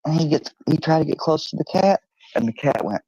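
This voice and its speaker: A man streaming from home, telling an animated story casually and swearing freely, and cooing at his dog. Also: a little fast, no echo, poor audio. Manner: animated, swearing, high-pitched when imitating animals; coos at his dog in a high sing-song.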